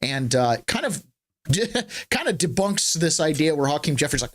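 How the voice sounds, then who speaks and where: A man's voice: a little high, very animated, normal speed. A man hosting a podcast, giving casual political commentary in a wry, rambling way and poking fun at the clips he plays. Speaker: podcast host.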